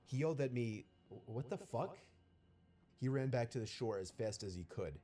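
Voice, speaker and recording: A man reading a scripted first-person horror story in a steady, even storytelling manner. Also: mid-range voice, brisk.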